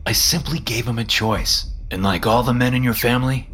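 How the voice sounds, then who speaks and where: A man voicing Lucifer, a smug and mocking male devil who speaks calmly and knowingly in a horror story reading. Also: medium pitch, fairly quick, slight background noise, pitched above the performer's own voice, close to an everyday voice.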